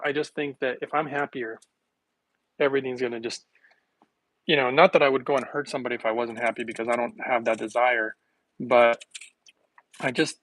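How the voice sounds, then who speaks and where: A man's voice: medium pitch, fairly bright tone, poor audio. A middle-aged man from the United States chatting casually to his viewers at home. He rambles, chuckles often and pokes fun at himself. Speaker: vlogger.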